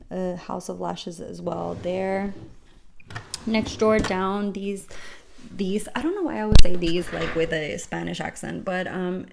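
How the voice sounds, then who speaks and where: A woman's voice: mid-range voice, creaky, a little mellow, a little hiss or hum. A woman vlogging casually at home, chatting through her collection item by item with many ums and uhs. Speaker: beauty vlogger. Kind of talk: casual show-and-tell walkthrough. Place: home room with storage drawers.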